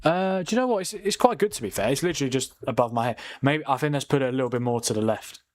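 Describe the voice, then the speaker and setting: A young man hosting a casual football watchalong livestream, chatty and quick to laugh while talking to his chat. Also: mid-range voice, animated. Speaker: livestream host.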